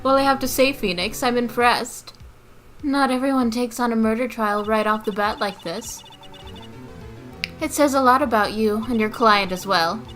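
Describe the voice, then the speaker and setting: A woman voicing a composed female senior attorney who speaks to her junior in a calm, encouraging way. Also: a little high, normal speed, soft background music, natural voice.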